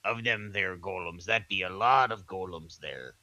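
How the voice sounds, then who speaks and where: A man's voice: sits low, normal speed, bright, forceful tone, no room sound. A man player at a tabletop game, joking and drawling in a folksy way. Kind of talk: casual tabletop play.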